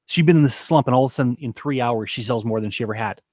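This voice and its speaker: A man's voice: medium pitch, quick pace, a little mellow, dry recording. Man, leadership coach, earnest, emphatic, dry close sound. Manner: earnest, emphatic, repeats for stress. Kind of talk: teaching talk to camera.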